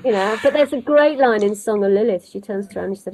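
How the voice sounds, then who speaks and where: A woman storyteller chatting in an interview, wry and animated, wandering off on tangents. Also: mid-range voice, fast, poor audio. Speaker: storyteller guest. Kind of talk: conversational interview.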